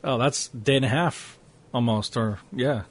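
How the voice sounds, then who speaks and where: A man's voice: medium pitch, moderate pace, dry recording. A man co-hosting a casual tech podcast, easygoing and joking, laughing along with his co-host.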